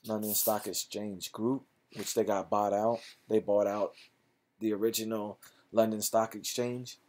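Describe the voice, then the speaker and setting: Male investing host, lower voice, casual stock-analysis read with clipped figures and relaxed asides. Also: unhurried. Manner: reads figures aloud in clipped phrases, then chats loosely.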